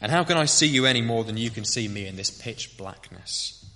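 A man voicing a surly male dwarf in a storybook reading, loud and scornful. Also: mid-range voice, lively intonation, fairly quick, in a large hall.

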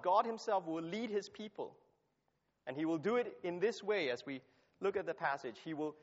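A man preaching a sermon and reading scripture aloud, stressing key phrases by repeating them. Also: high-pitched. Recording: long hall reverb, dull lo-fi sound.

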